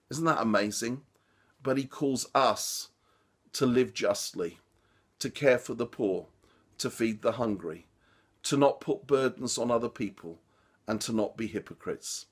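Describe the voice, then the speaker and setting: A man's voice: medium pitch, a little slow, slightly rough. A man and preacher giving a short devotional commentary on a Bible passage, earnest and informal, with restarts and fillers.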